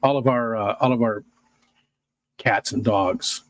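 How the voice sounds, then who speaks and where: A man's voice: on the low side, steady tone, a little slow, dry recording. A middle-aged man hosting a livestream, rambling casually to his viewers and chuckling often as he answers comments. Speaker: livestream host.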